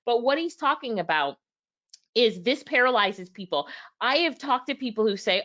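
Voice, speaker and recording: A woman's voice: on the high side, expressive, moderate pace, fairly bright tone, dull audio. A woman reviewing a book live, reading passages aloud and talking straight to her viewers, acting out both sides of past conversations. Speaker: book reviewer and business owner.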